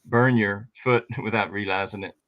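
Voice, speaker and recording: A man's voice: lowish voice, fairly even intonation, normal speed, no room sound. An older man, a retired army veteran from the Gulf Coast, chatting in an easygoing, hesitant way. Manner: easygoing, hesitant with many ums. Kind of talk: casual chat. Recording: slightly dull, muffled audio.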